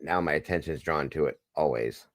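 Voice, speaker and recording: Low voiced guy hosting a livestream, shouting out people in chat, dry close sound. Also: normal speed, dry recording. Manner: shouts out viewers by name, jokey and upbeat. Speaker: livestream host. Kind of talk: casual live-stream chat.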